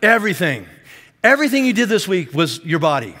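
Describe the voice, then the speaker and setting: Animated high-voiced pastor in a reverberant hall. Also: male voice, brisk. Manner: animated, self-deprecating joking with the congregation. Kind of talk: sermon. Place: large church auditorium.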